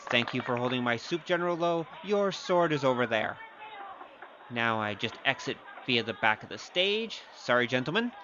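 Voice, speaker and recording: An actor playing a cocky young male thief who speaks in a wry, playful, quick-witted way, narrating his tale in a radio play. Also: mid-range voice, lively intonation, lo-fi sound, background noise, close to an everyday voice. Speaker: narrator and lead.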